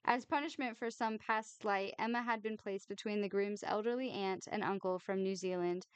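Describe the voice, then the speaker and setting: A woman reading a novel aloud in a measured, expressive narration. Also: medium pitch, clean tone, no echo.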